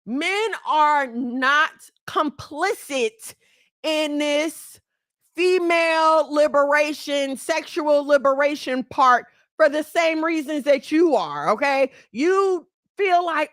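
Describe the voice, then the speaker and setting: Blunt high-voiced woman scolding her audience. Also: slow, dry recording, studio quality. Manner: blunt, scolding, animated, breaks into laughter. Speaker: channel host. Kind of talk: preachy commentary to women.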